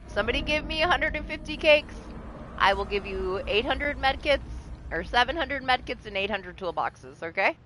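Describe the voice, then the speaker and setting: A woman's voice: high-pitched, animated, normal speed, a bit bright, a little hiss or hum, low-quality recording. A woman livestreaming a video game, chatting casually, exasperated and often laughing and swearing. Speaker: streamer. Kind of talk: casual live game streaming.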